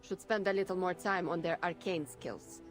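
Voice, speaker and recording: A man voicing a brisk female flight commander with a put-on Russian accent, clipped and matter-of-fact. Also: high-pitched, fairly bright tone, faint music behind, voice pushed up. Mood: dry.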